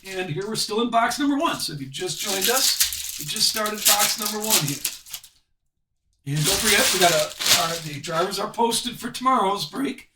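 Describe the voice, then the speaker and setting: A man's voice: sits high, lively intonation, moderate pace, recorded from a distance, heavy background noise. A man hosting a live trading card break stream, chatting upbeat as he opens packs and calls out each card. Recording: echoey room, voice a bit off-mic.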